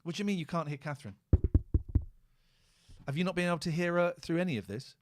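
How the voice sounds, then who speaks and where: A man's voice: on the high side, animated, fast, a little hiss or hum. A man hosting a casual podcast, chatting loosely and swearing freely while fussing over audio levels. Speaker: podcast host. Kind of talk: casual chat. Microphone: close studio mic.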